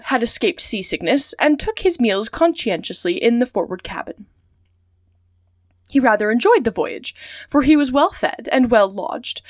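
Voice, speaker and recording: A woman reads a classic adventure novel aloud for her story podcast, clear and steady from line to line. Her voice sits a little high, and the sound is close and dry. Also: dry recording.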